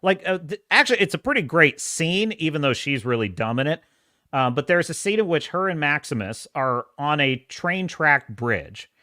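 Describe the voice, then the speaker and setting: Male podcast host, lively and emphatic delivery, dry close sound. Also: a little high, moderate pace, no room sound. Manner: animated and emphatic, with frequent restarts and profanity. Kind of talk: casual pop-culture commentary.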